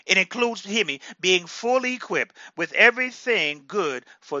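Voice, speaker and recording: A male preacher delivering a sermon, repeating phrases for emphasis and breaking into sudden loud bursts. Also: sits high, animated, normal speed, hardly any pauses, no echo, lo-fi sound.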